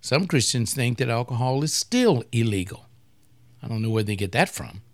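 A man's voice: mid-range voice, very animated, normal speed, dry recording. An older man, a pastor, hosting a webcast in a blunt, provocative, rambling talk-radio monologue.

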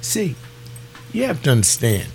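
A man preaching a fervent webcast sermon, pleading with his listeners and rising in pitch on his emotional appeals. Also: wildly swooping pitch, moderate pace, very noisy.

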